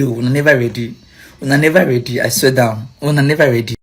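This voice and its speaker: A man with a Nigerian accent, an international student, ranting loudly and incredulously, repeating himself. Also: mid-range voice, lively intonation, quick pace, husky. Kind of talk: heated selfie rant.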